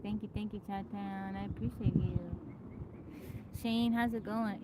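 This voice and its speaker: A woman's voice: mid-range voice, steady tone, normal speed, very noisy. A woman hosting a casual live stream, greeting viewers by name and chatting with frequent laughs. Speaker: livestream host. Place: outdoors in nature. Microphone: phone.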